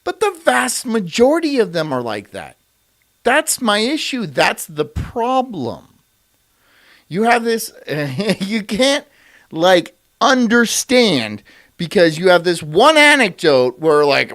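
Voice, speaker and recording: A man's voice: sits high, sing-song, slow, a bit bright. A man hosting a stream, ranting in profane, incredulous commentary and laughing often. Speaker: streamer host.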